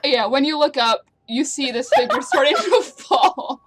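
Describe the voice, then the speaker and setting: A woman's voice: high-pitched, lively intonation, normal speed, very noisy. A woman running a tabletop game as game master, narrating in a dry, teasing way.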